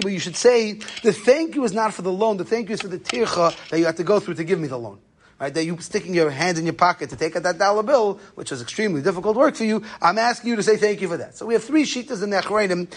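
A man giving a Torah class on Jewish law, telling stories in a lively way and mixing in Hebrew and Yiddish terms. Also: sits high. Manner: animated storytelling, Yeshiva-style Hebrew and Yiddish terms. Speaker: rabbi lecturer.

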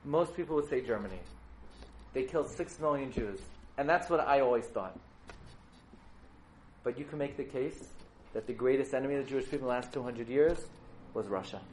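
A man giving a storytelling sermon to a live audience, animated and jokey, often putting questions to the listeners. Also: mid-range voice, brisk, pauses often, slight background noise, low-quality recording.

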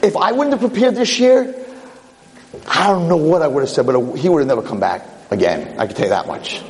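A man, a rabbi, giving an animated and emotional sermon full of personal stories, often repeating himself when excited. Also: on the high side, a little fast, slight background noise. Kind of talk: sermon with storytelling. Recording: long hall reverb.

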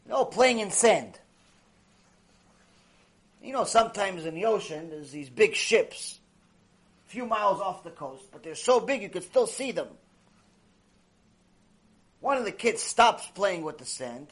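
A Torah teacher gives a mussar lecture in a high voice at a measured pace, pausing often. He tells his stories with lots of life, repeats his phrases, and mixes in Hebrew terms.

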